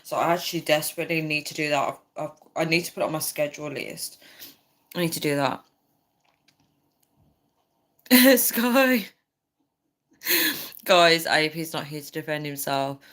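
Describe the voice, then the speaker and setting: A woman's voice: sits low, fairly even intonation, quick pace, a bit bright. A woman chatting casually on a livestream, rambling and reading out viewer comments. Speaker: livestream host.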